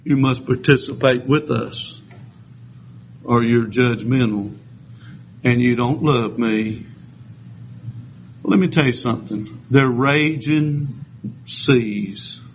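A man preaching a fiery, emphatic sermon, often pausing for "amen.". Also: fairly high pitch, fairly bright tone, slight background noise. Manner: fiery, emphatic, punctuated with amens. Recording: dull lo-fi sound.

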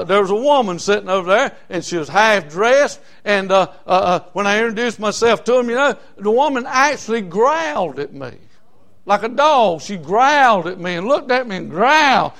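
Preacher, male, high-pitched, fervent and filler-heavy sermon delivery. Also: lively intonation, moderate pace, a bit bright. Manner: fervent, repetitive, many fillers.

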